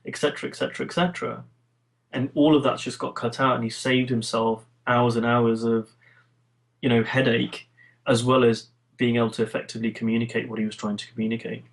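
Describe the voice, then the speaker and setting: A man's voice: medium pitch, level tone, fairly quick, gravelly, poor audio. Reflective British man with stammering restarts. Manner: reflective, many restarts and repeated words. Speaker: coach, guest. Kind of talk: interview conversation.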